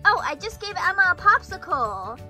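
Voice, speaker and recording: A woman playing the mommy in a doll play, talking gently and reassuringly. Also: very high voice, very animated, moderate pace, faint music behind.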